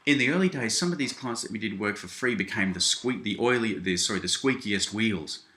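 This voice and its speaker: An Australian man speaks to the camera from a small home office, indignant and tangling his words as he rebuts a critic. His voice sits low but sounds bright and forceful. The small room gives it a noticeable echo. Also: expressive, brisk. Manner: indignant, keeps saying "mate", many restarts. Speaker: video blogger responding to critics. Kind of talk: casual direct-address rant.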